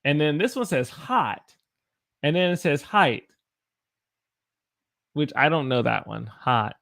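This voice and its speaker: A man's voice: on the high side, very animated, creaky, a bit bright. A man from the Southern United States with a Southern American accent, teaching English pronunciation in a live stream and drawing out each example word. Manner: slow, drawn-out demonstration of words.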